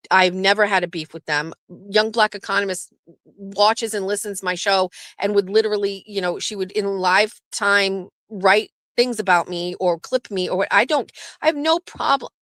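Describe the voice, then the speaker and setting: Hosting her own livestream show, a woman chats in a rambling, blunt and profane way, jumping from topic to topic. Her voice is mid-range and a bit bright, with studio-quality sound and no room echo.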